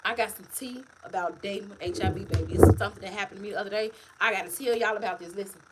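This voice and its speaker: A woman author talking casually to her livestream viewers, animated and repetitive, calling them y'all. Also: medium pitch, very fast, heavy background noise. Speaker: author and vlogger. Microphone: phone or webcam, livestream.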